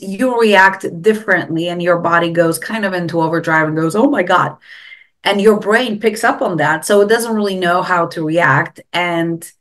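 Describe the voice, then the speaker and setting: A woman's voice: fairly low pitch, a bit bright. A middle-aged woman speaking as a guest expert in an interview, explaining things earnestly and stressing her key advice.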